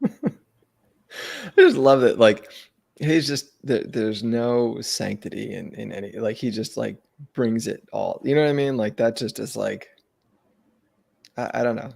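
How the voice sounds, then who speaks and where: A man co-hosting a casual podcast chat, rambling and halting with lots of fillers. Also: mid-range voice, creaky, darkish tone, husky. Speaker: podcast co-host.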